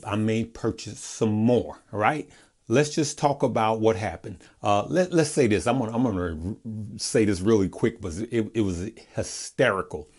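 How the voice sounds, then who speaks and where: A man with a fairly low voice talks through stocks in a casual, chatty way. He keeps checking in with his viewers and restarts his phrases as he goes. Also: a little mellow. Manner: chatty, often checking in with "all right?" and "okay?"; conversational, with frequent restarts. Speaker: stock market video host. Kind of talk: casual video commentary.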